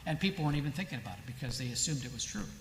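A man's voice: medium pitch, animated, racing, a little hiss or hum. A man giving a lecture with emphasis, asking rhetorical questions and answering them himself. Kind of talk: lecture with read-out quotations. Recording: echoey hall with long reverb.

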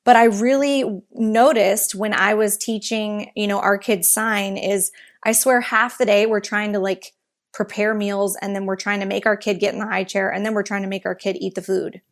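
A woman speaking as a guest author on baby sign language, telling lively stories in a casual chat with a lot of "like". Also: medium pitch, moderate pace. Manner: lively storyteller, chatty, says "like" often.

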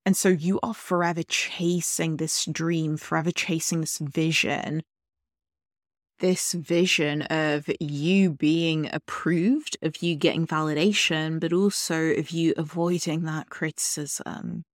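A woman hosting a solo podcast, talking earnestly and directly to the listener in a calm way. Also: deep voice, slow pace, no echo, clean studio sound. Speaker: podcast host.

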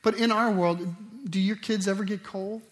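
A middle-aged man preaching a sermon, animated, swinging between loud emphatic stretches and quiet asides. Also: high voice, moderate pace. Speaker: pastor.

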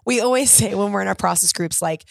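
A woman co-hosting a relaxed podcast chat, rattling along at a brisk clip. Her voice carries a gravelly fry, and the sound is close and dry. She is easygoing and quick to agree. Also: medium pitch, dry recording. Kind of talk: casual conversation.

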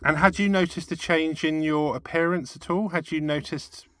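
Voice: mid-range voice, fairly even intonation, moderate pace, a bit bright, no echo. A show host interviewing a guest, asking careful questions and giving brief affirmations.

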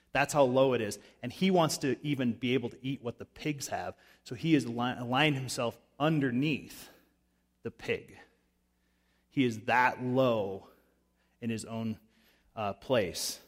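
A man preaching a sermon in a conversational way, acting out voices when he retells scenes. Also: mid-range voice. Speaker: pastor. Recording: long reverb of a large hall.

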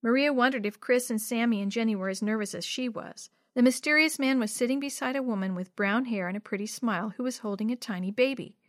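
A woman narrating a children's storybook in a clear, expressive reading voice. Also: a little high, fast, few pauses, no echo, studio quality.

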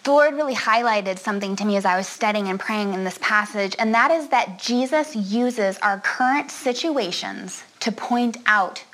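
A woman preaches in a relaxed, conversational way, and her voice sits a little high. She laughs easily and keeps checking in with her listeners as she talks. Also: rough recording. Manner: chatty and expressive, often laughing and asking "right?". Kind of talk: conversational sermon.

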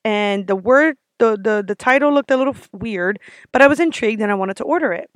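A woman's voice: on the high side, expressive, fairly quick, dry recording, studio quality. A woman who works as a restaurant server, ranting in a casual vlog, blunt and sassy with lots of swearing.

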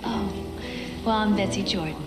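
An actress playing a pushy flirt at a bar. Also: female voice, medium pitch, normal speed, natural voice. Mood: flirty. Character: forward flirtatious woman at a bar. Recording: echoey TV clip with music. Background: music.

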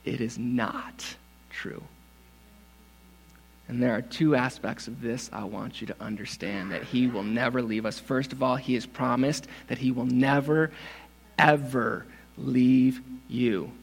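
A man's voice: medium pitch, fairly even intonation, unhurried, creaky. A male pastor preaching a sermon, emphatic and repeating words for stress, calling for responses. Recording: long hall reverb.

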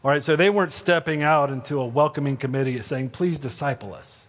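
A man's voice: fairly high pitch, brisk. Earnest male pastor preaching in a reverberant church. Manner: earnest, conversational preaching with frequent "right?" asides; drops to a soft, hushed voice for quoted promises. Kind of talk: sermon. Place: church sanctuary.

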